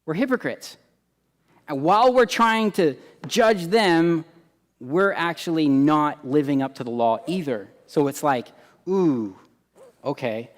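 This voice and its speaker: A man preaching a sermon, animated, acting out quoted voices and swinging between loud emphasis and hushed asides. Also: on the high side, slow pace, in a large hall. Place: church hall.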